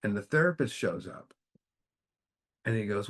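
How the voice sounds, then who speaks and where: A low-voiced man leads a study group, telling a story in an easygoing, conversational manner. He often stops and restarts mid-sentence as he talks. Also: lively intonation, moderate pace, fairly bright tone. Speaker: recovery book study leader. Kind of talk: casual storytelling talk.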